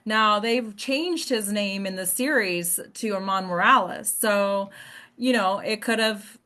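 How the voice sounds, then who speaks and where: A woman's voice: mid-range voice, a little slow, pushed and bright. A woman leading an acting workshop in a casual group discussion, encouraging and often checking in with the group. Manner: encouraging, keeps checking in with "right?".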